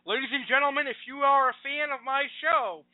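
A man's voice: extremely high pitch, a little fast, no room sound. A man hosting his podcast, chatty and easily amused. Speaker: podcast host. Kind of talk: casual podcast talk. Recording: tinny phone-like line.

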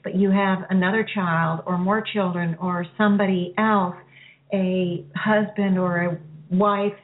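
A woman hosting a radio-style healing show, guiding listeners through a release in a slow, soothing, halting way. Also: fairly low pitch, steady tone. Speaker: spiritual healer hosting a show. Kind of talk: guided healing session. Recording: phone-like narrow sound.

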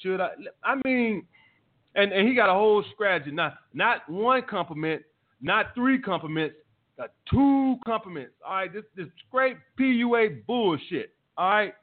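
Man, high voice, blunt and swearing, dating advice host, phone-like sound. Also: expressive, normal speed. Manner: blunt, profane, repetitive. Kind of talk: live call-in show, answering listener messages. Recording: tinny phone-like line.

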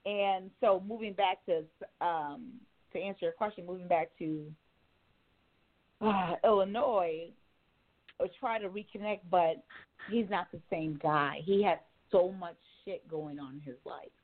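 A woman's voice: fairly low pitch, unhurried. A woman calling in for a casual chat, talking frankly and profanely and laughing often. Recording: tinny phone line.

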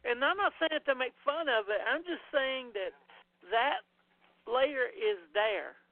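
A man with a very high voice chats bluntly over a movie, swearing freely and tripping over his own restarts. His voice comes through tinny and thin, like a phone line, with no room sound at all. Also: lively intonation, a little slow, no echo. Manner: blunt and profane, talks in bursts with restarts. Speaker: movie commentary co-host. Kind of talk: casual chat over a movie.

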